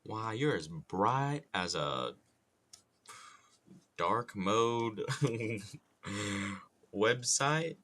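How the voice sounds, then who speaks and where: A man's voice: fairly low pitch, lively intonation, extremely slow, long pauses, a bit bright, exaggerated voice. A man putting on a put-on Southern US accent to voice a boastful cartoon rooster, drawling mocking insults. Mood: teasing. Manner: drawling insults ending in "boy".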